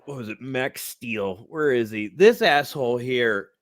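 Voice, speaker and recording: A man's voice: mid-range voice, animated, unhurried. A man co-hosting a casual movie review chat, swearing freely and laughing as he retells scenes. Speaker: podcast co-host.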